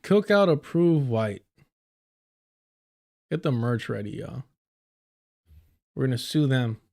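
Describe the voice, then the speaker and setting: A man's voice: mid-range voice, expressive, slow pace, vocal fry, a little mellow. A man reacting to clips on a live stream in a sarcastic, profane, ranting way, from an indoor room. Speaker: political streamer.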